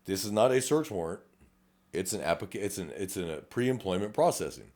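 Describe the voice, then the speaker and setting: Middle-aged South Texas cop, low voice, rapid and blunt, cursing freely as he co-hosts a chat. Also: expressive, darkish tone. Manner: blunt, profane, rapid-fire, acts out quoted exchanges. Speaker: podcast co-host, police officer. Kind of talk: casual chat.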